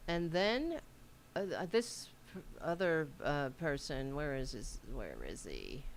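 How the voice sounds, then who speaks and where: A woman's voice: sits low, sing-song, a little slow, slight background noise. A woman hosting a casual livestream, rambling as she reads aloud and answers viewer comments, with a Staten Island accent. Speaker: host.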